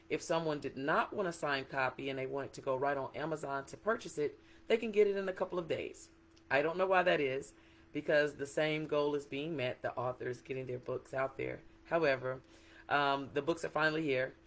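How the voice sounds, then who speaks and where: A chatty, excited woman talks to viewers in a casual livestream. She is middle-aged and speaks as an author, greeting people by name as they join. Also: sits low. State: a little emotional. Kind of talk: casual livestream book talk.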